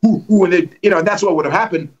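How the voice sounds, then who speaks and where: A man telling lively stories as a guest evangelist on a livestream, acting out the quotes and joking. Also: high-pitched, very fast, highs cut off. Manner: animated, acts out quotes, joking. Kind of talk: storytelling in a livestream conversation.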